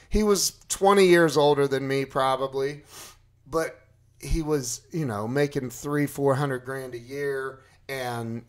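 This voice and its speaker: A man casually telling a personal story to his live chat, animated and acting out his own panic. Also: medium pitch.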